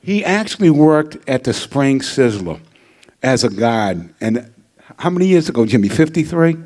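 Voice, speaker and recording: A man's voice: mid-range voice, very animated, moderate pace, a little mellow. An older man speaks into a podium microphone at a ceremony. He tells his story with humor and quips, in a mid-range voice, like a seasoned speaker thanking the people around him. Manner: joking anecdotal storyteller. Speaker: hall of fame inductee. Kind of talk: acceptance speech. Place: ceremony hall.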